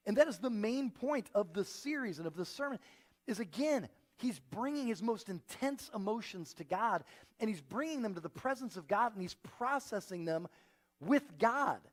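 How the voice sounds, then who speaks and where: Man, pastor, sermon, animated storytelling, high voice, lively swings in pitch. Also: moderate pace. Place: church auditorium.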